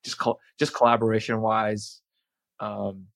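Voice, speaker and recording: A man's voice: fairly low pitch, little pitch movement, a little slow, gravelly, no room sound, studio quality. A man hosting a podcast interview who asks friendly questions in a hesitant way, with many fillers and restarts. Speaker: podcast host.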